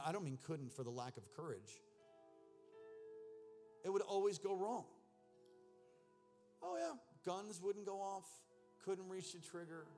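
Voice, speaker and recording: A man preaches his own testimony before a church crowd. His voice sits high and his delivery is earnest and emotional. Soft music plays faintly behind him. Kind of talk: sermon testimony.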